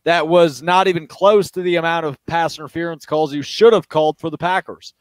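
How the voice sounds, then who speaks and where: A man hosting a post-game sports talk show, talking quickly with lots of fillers and getting worked up. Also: a little high, no echo. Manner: fast, excited, many fillers. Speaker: show host.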